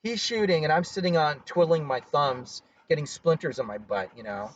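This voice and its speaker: A man telling personal stories as an interview guest, casual and animated, swearing and laughing as he goes. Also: a little high, normal speed, distant mic, muffled recording. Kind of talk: casual storytelling.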